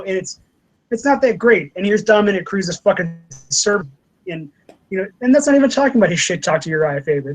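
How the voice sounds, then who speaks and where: A man with a high-pitched voice talks on a casual podcast. He swears freely and gets animated, slipping into other people's voices to act out their quotes. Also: poor audio. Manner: profane, animated, acts out quotes. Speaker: podcast co-host.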